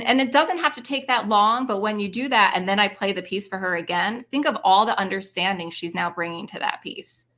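A woman piano teacher explaining her methods in an interview, animated and singing short rhythm syllables to demonstrate. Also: medium pitch. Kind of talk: interview explanation with sung examples.

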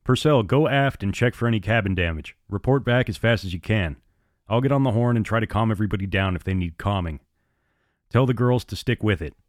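A man voicing a gruff, commanding male airline captain who speaks in curt, clipped orders. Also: lowish voice, brisk, no echo, clean studio sound, natural voice. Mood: terse.

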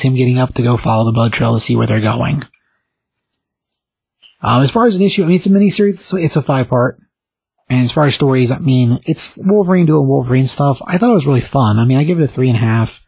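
Husky man animatedly recapping a comic. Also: mid-range voice, no echo. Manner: rambling, animated retelling with quoted character lines. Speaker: comic book podcast host. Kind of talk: casual comic recap and review.

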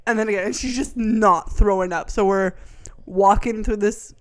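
A woman speaks at a middle pitch as she co-hosts a podcast with friends. Her chatty story moves along at an easy, relaxed pace. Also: normal speed. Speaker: podcast co-host. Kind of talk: casual chat.

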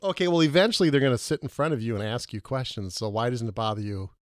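A man co-hosting a casual movie podcast, questioning his partner and arguing his points with lively jumps in pitch. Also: quick pace, no echo. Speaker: podcast co-host.

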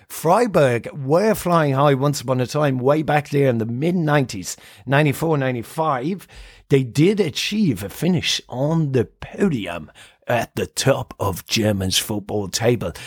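A man's voice: mid-range voice, dry recording, clean studio sound. A man hosting a podcast in a playful, jokey, upbeat way, with a scripted intro and preview. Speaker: podcast host.

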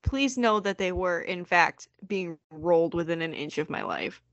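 A woman's voice: on the low side, animated, moderate pace, no room sound, highs cut off. A woman co-hosting a podcast, chatting playfully about a movie with exaggerated agreement. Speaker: podcast co-host. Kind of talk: casual movie review chat. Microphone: remote podcast mic, no camera.

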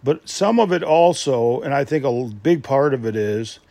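A man's voice: mid-range voice, lively intonation, normal speed, dark tone, no room sound. A man hosting a casual podcast, rambling with many restarts and asides. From Michigan. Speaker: podcast host. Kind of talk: casual solo podcast talk.

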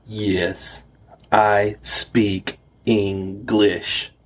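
A man's voice: medium pitch, animated, moderate pace, breathy edge, pitched above the performer's own voice. A man voicing a hulking, mocking male security guard with a New York accent, brusque and pushy. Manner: brusque, tags lines with "yeah?".

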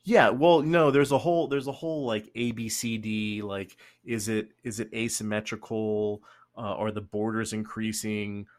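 A young man hosting a casual podcast chat, rambling and joking with quick asides. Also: fairly low pitch, fairly even intonation. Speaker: podcast host.

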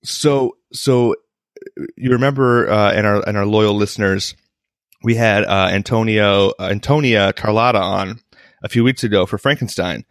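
A man's voice: on the low side, normal speed, no echo, clean studio sound. A man co-hosting a podcast in casual banter, rambling with restarts and laughing often. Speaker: podcast co-host. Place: home.

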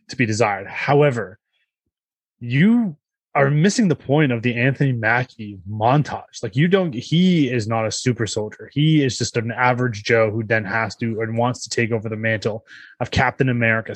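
A man's voice: mid-range voice, dry recording. A man hosting a casual podcast, laid-back, steering the talk and handing the floor to his co-hosts. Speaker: podcast host. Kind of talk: casual chat.

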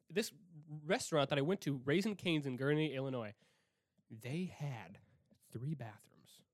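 A young man from Milwaukee hosting a casual solo podcast rant, profane and excitable, swinging from loud outbursts to hushed asides. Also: a little high, no echo, studio quality. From Milwaukee, Wisconsin. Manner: profane, excitable, swings between shouting and whispering. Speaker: podcast host.

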